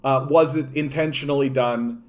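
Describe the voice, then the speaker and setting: A man's voice: medium pitch, normal speed. A man, streaming and ranting loosely about politics, swearing freely and reacting to chat. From Canada. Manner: profane, animated, filler-heavy, reacting to chat. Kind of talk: casual political rant.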